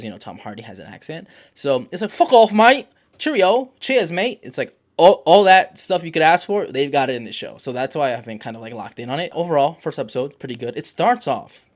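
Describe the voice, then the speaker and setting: A man's voice: mid-range voice, animated, a little fast. A man hosting his own channel, giving a casual, rambling, profanity-laced recap of a TV episode. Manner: rambling, profane, self-correcting. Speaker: show host.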